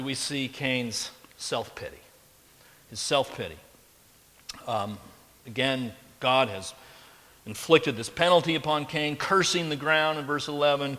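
A man's voice: fairly high pitch, bright, forceful tone. A man preaching a sermon, emphatic and pressing his listeners with rhetorical questions. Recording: long hall reverb.

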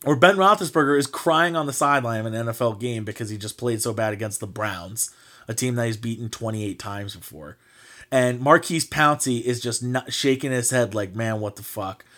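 Mocking and heated, this sports podcast host rants with free swearing in a casual show, his middle-pitched voice bright and forceful at a moderate pace. Fillers crowd his loose sentences.

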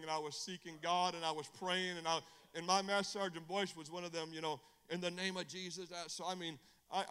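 A middle-aged man, an evangelist, preaching a testimony sermon, animated, swinging from hushed storytelling to shouting. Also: on the high side, clear, resonant tone, long reverb tail. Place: church.

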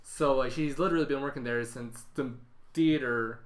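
A young man co-hosts a casual podcast chat, animatedly acting out the dialogue in his stories. He speaks at a normal speed in a mid-range voice.

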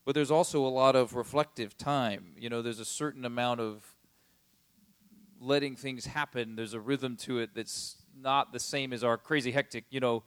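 A man's voice: mid-range voice, steady tone, moderate pace, smooth, no echo. A man giving a casual Bible teaching, retelling the story in a chatty, conversational way with plenty of fillers.

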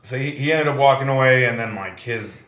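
A man's voice: mid-range voice, a little fast, a bit bright. A man telling a rambling, profane story in casual podcast chat. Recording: echoey room.

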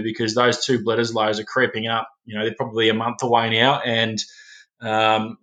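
A man's voice: mid-range voice, a bit bright. An Australian man co-hosting a rugby podcast, chatting casually with laid-back, sarcastic banter. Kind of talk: casual chat.

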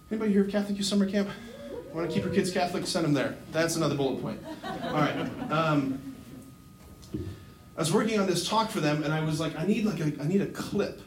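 A man who is a Catholic priest, giving a lively, conversational sermon to a live audience, full of asides and fillers. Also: a little high. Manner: animated and conversational, with many fillers. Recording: roomy hall sound with faint noise.

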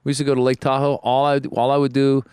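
Male co-host, smooth clear voice, relaxed rambling talk, dry close mic. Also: medium pitch, fast talker, no echo. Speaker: podcast co-host. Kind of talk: casual comedic chat.

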